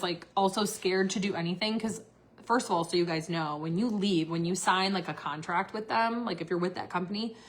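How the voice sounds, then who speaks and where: A woman's voice: medium pitch, fairly bright tone. A young woman talking candidly on a livestream, blunt and filler-heavy, swearing freely. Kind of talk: candid casual livestream rant.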